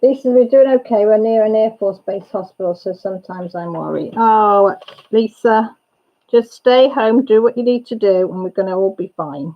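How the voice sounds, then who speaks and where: A woman's voice: mid-range voice, moderate pace. Chatty woman hosting a lo-fi livestream. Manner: chatty, greets and answers viewers' comments by name while talking to family off-camera. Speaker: livestream host and mother. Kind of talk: casual livestream chat. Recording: dull lo-fi audio.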